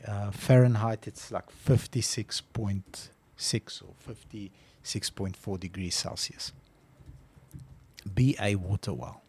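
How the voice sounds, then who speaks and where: A man's voice: on the low side, fairly even intonation, slow, darkish tone, slightly rough. A man co-hosting a casual podcast who tells stories with animation and acts out his phone calls. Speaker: podcast co-host. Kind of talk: casual chat.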